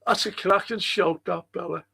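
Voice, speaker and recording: A man's voice: high voice, normal speed, vocal fry, pushed and bright, breathy edge. An older man hosting a podcast, chatting in a rambling way and answering listener messages. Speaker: podcast host. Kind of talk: casual chat reading listener messages.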